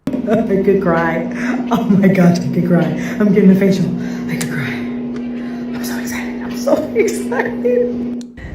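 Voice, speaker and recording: A woman gushing with breathy excitement in a played clip. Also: mid-range voice, slow pace, pauses often. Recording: distant echoey clip with loud music.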